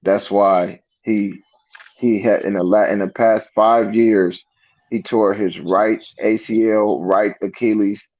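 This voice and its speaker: A man's voice: on the low side, steady tone, takes it slowly, darkish tone, no room sound, lo-fi sound. A man talking casual sports as a co-host, laid-back and full of slang. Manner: laid-back slang, says bro a lot.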